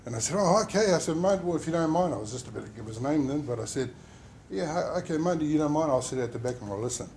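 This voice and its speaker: A man's voice: mid-range voice, expressive, fast, creaky, hardly any pauses, dark tone, a little hiss or hum. Emotional man telling his story with fillers. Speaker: injured worker sharing his story. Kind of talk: safety talk testimony.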